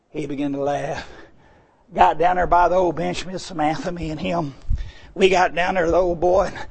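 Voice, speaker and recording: Husky preacher man. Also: a little high, fairly even intonation, moderate pace. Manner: swings from hushed to shouting, folksy. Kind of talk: sermon storytelling.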